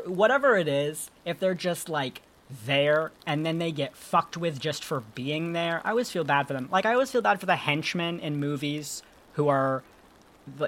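A podcast co-host in casual chat, talking in an animated, rambling, playful way with casual swearing. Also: mid-range voice.

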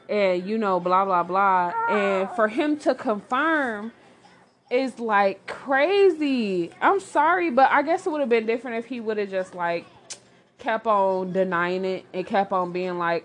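A woman, giving blunt, animated relationship advice in casual commentary, talking straight to the listener. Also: mid-range voice, measured pace, slight background noise.

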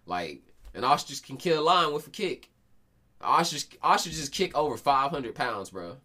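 This is a podcast host in his twenties, chatting casually with a friend. His voice sits at an ordinary male pitch. His talk is slangy and profane, with lots of quick restarts. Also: big pitch swings, bright, forceful tone. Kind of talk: casual chat.

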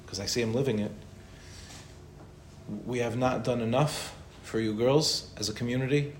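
A man's voice: medium pitch, normal speed. A man, a rabbi, giving an informal Torah class in a conversational way, mixing in Hebrew and Yiddish terms. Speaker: rabbi answering questions. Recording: roomy echo with faint noise.

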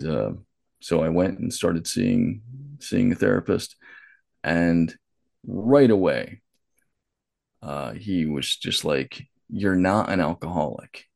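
A man's voice: deep voice, creaky, darkish tone, no room sound, clean studio sound. A man, an author and artist, talking candidly as a podcast guest, plainspoken and profane, acting out the voices in his head. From United States. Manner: frank and profane, with quoted inner dialogue and restarts. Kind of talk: candid conversational storytelling.

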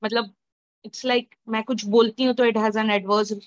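A woman with an Indian accent speaks in a slightly high voice, hesitant and scattered with Hindi fillers. Her video-call audio is dull and very dry, with no room sound at all. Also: flat delivery, very fast, no echo. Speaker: summit participant. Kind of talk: casual chat.

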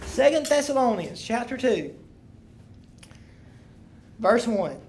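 A woman's voice: a little high, very animated, slow, a little mellow, slight background noise. A woman leading a Bible study, reading scripture aloud with emphasis and then explaining it in loose, casual talk to a room of listeners.

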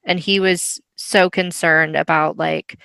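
A woman's voice: on the low side, slow, gravelly, clean tone, no room sound. A woman co-hosting a book podcast, chatting casually and emphatically. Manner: emphatic, expressive. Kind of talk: casual chat.

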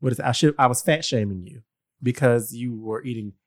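A man's voice: mid-range voice, brisk, no room sound, studio quality. A man co-hosting a casual chat who laughs often and protests playfully.

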